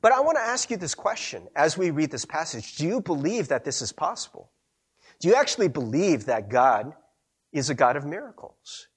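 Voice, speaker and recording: A young man preaching a sermon as a pastor, telling stories in a chatty, animated way with frequent laughs and a husky voice. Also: on the high side, normal speed.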